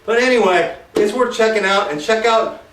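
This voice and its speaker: Brief: high-pitched male movie reviewer, sarcastic and digressive, recorded from a distance. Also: normal speed, fairly bright tone, slight background noise. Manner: jokey, sarcastic, digressive, mimics characters. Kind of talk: rambling casual movie review. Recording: roomy echo, mic far off.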